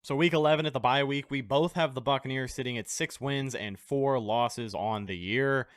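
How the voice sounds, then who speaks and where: A man of middle pitch hosts a casual sports podcast with brash confidence. He swears freely and lays out his picks without hesitating. His voice is recorded dry and close. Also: normal speed, no room sound. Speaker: podcast host.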